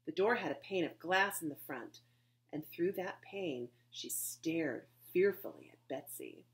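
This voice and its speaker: A woman reading a children's chapter book aloud with expressive, lively storybook delivery. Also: low voice, a little slow. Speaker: reader, society board member.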